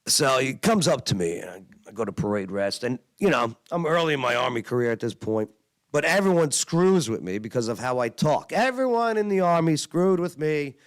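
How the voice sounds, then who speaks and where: A middle-aged man tells his army story in earnest, emphatic bursts, his pitch leaping and dropping as he goes. The sound is dry and close, with no room around it. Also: big pitch swings, fairly quick, no echo. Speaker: Army veteran vlogger. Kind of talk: prayer and personal war story.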